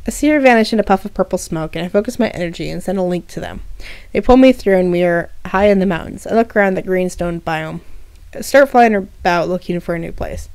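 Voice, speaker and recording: A woman's voice: fairly low pitch, brisk, darkish tone, clean tone, no echo. A woman reading her first-person fan story aloud, with small restarts and asides between passages.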